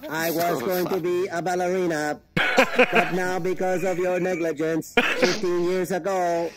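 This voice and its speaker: A man's voice: high-pitched, little pitch movement, heavy background noise. A man voicing a bitter teenage girl who accuses her father. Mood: accusing. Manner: accusing, measured. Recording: loud crowd chatter behind.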